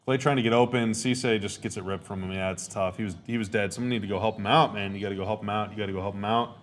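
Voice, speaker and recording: A man's voice: fairly low pitch, steady tone, fast. A man hosting a podcast, giving casual live reactions to a game, rambling, repeating himself and stating blunt opinions. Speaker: podcast host.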